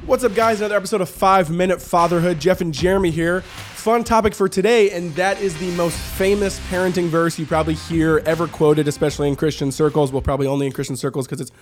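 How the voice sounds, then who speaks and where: Upbeat man with a higher voice. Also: steady tone, fast talker, hardly any pauses, soft background music. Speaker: podcast co-host. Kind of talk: casual podcast discussion.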